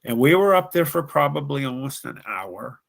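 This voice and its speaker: A man's voice: mid-range voice, big pitch swings, moderate pace, vocal fry, fairly bright tone. A man from Ohio, a guest on a live show, telling a true ghost story in an earnest, dramatic way with frequent restarts.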